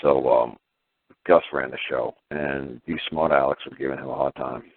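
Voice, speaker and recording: A gravelly, slightly rough male voice rumbles low at a normal speed through a dry, tinny phone connection with no echo. He's a talk-show caller in casual conversation, animatedly acting out quoted voices.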